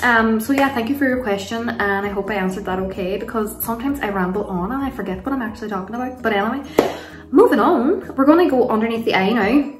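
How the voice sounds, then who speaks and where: A woman's voice: a little high, quick pace, music in the background. A young Irish woman chatting through a makeup tutorial at home, rambling and gushing about products with frequent laughs. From Ireland. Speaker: beauty vlogger. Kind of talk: casual makeup tutorial and Q&A chat. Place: home room, kids nearby. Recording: roomy sound from a distance.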